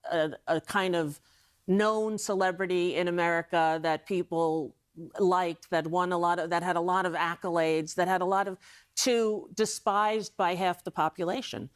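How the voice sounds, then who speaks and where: A woman's voice: on the low side, steady tone, moderate pace, clear, resonant tone. A woman, talking emphatically with many restarts as a guest on a live TV interview. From New York. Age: 60s. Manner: emphatic, rambling, with frequent restarts.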